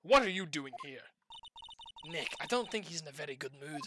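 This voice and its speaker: A woman voicing a dry, sarcastic young male defense lawyer, lowering her voice. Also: moderate pace, background noise. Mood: flustered. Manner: deadpan, sarcastic.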